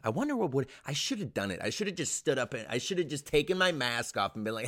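A man's voice: medium pitch, fast, few pauses. Ranting young man, swings up and down. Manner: swearing, animated ranting with sudden loud peaks. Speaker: stand-up comedian. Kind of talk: profane ranting vlog.

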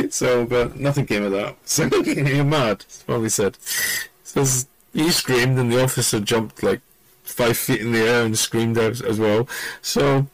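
A man's voice: fairly low pitch, no echo, poor audio. A middle-aged man from Scotland, a podcast host telling stories in a rambling, digressive way that keeps losing the thread. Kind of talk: casual spoken storytelling.

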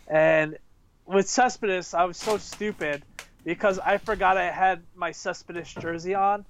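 A man casually telling excitable, rambling stories, full of fillers and restarts. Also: sits high, measured pace, slight background noise. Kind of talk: casual storytelling chat.

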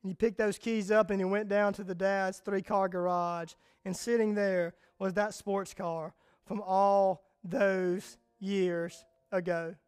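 A man's voice: sits high, flat delivery, slow pace, clean tone. A man preaching a sermon as a pastor, telling a story earnestly and repeating words as he goes.

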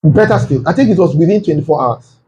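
Male pastor, high-pitched, fervent sermon delivery with sudden shouted peaks. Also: expressive, fast, muffled recording, a little hiss or hum. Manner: emphatic, rhetorical questions, bursts into shouting. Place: church.

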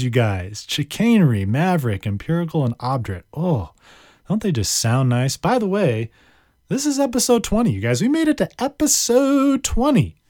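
A man's voice: mid-range voice, a little mellow, dry recording, studio quality. A man hosting a casual vocabulary podcast, playful and chatty, savoring words and joking about himself. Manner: self-deprecating asides. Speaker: podcast host.

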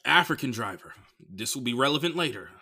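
A man hosting a comedy podcast, telling a profane story as a monologue, swinging from mumbled asides to loud outbursts. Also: medium pitch, very animated, a little fast. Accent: Bay Area.

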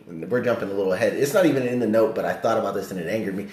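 A man casually talks about a movie, animated and profane, swinging between loud outbursts and low muttering. He speaks a little fast, and the sound is reverberant.

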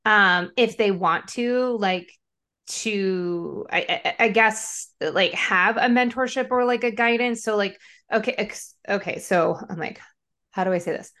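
A woman's voice: medium pitch, a little slow, bright, forceful tone. Rambling woman podcast host. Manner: rambling, searching for words, many "like" fillers. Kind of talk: casual conversation.

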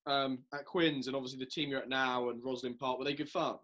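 A man's voice: medium pitch, fairly even intonation, fairly quick, a bit bright. A man hosting a casual podcast, asking short questions and laughing along with his guest. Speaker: podcast host. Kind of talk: casual chat.

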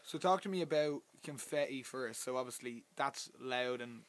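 A man's voice: medium pitch, normal speed, fairly bright tone. A young man hosting a casual interview, enthusiastic and rambling as he praises the guest's songs. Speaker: interviewer host.

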